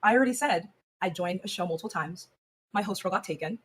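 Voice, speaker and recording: A woman co-host answering calmly in a flat, measured, serious monotone. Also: lowish voice, slight background noise. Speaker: co-host on a live stream. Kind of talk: serious on-air reply.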